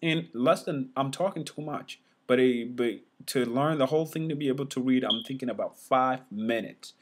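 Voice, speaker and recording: A man teaching a casual whiteboard lesson, sounding letters out loud again and again with many fillers and restarts. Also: mid-range voice, normal speed.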